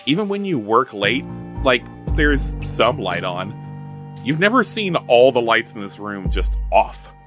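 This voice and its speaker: A man's voice: medium pitch, very animated, measured pace, over music. A man narrating a tabletop role-play game as game master, chatty and joking with asides to the audience. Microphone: headset-style desk mic.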